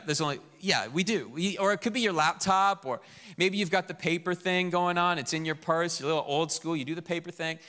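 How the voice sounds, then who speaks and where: Male pastor, conversational sermon, tense bright tone, long church reverb. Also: on the high side. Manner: animated, conversational preaching with jokes. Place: church sanctuary.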